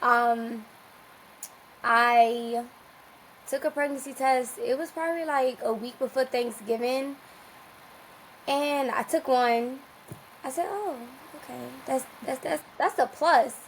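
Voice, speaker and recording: A woman guest on a podcast telling a personal story in a casual, animated way, laughing often and restarting her sentences. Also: high voice, slow, long pauses, a little hiss or hum, low-quality recording.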